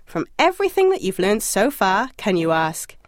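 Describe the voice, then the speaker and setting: A woman narrating a scripted audio language lesson, encouraging and lightly humorous, asking the listener to answer out loud. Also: mid-range voice, very animated, moderate pace, dry recording, studio quality. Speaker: language course instructor.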